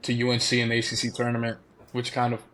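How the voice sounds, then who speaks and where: With a mid-range voice and a quick pace, a former college ballplayer, still a young man, swaps stories on a podcast. His casual, animated telling is full of laughter and acted-out quotes.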